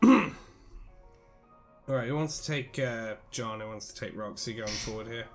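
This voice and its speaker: A man's voice: lowish voice, fairly quick, music in the background. A young man hosting a casual podcast, chatting and reading narration aloud. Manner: relaxed, swears casually.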